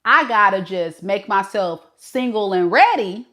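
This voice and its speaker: A young woman, a tarot reader, chatting casually to camera with playful, animated storytelling. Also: medium pitch, a little slow. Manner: animated, playful storytelling with lots of acted-out voices.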